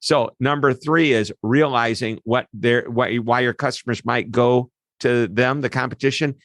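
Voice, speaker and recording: A man talks as an interview guest in a lively, animated way, slipping quick asides into his explanations. His voice sits at a medium pitch. The recording is dry and close, with no room echo. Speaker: customer service expert guest. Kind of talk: interview answers.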